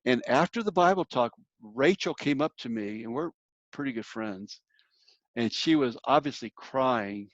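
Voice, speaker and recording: A man's voice: medium pitch, lively intonation, unhurried, no room sound, dull audio. A man giving a church workshop talk on grief, telling a personal story in an earnest way and speaking directly to his listeners.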